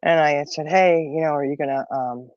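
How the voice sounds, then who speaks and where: A woman's voice: low-pitched, steady tone, fairly quick, dry recording. Middle aged lady rambling thru a story w lots of laughs, dry muffled sound. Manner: chatty, laughs often, rambling. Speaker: podcast co-host. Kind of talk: casual storytelling chat.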